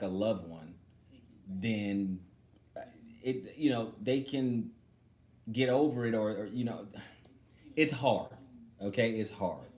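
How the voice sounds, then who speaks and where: A man's voice: on the low side, darkish tone. A man giving an informal Bible teaching to other men, talking conversationally, repeating himself and demonstrating with a prop. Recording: echoey room with faint ambience.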